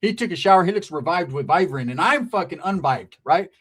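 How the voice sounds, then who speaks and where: Male comedian, lively rising-and-falling voice, slightly high, slangy and profane. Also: quick pace, breathy edge. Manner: animated, swearing street-slang storyteller. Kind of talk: stand-up storytelling.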